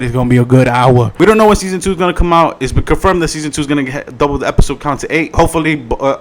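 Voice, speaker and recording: A man giving a casual review in his vlog, swearing freely in an animated, slangy way. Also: mid-range voice. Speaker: video reviewer.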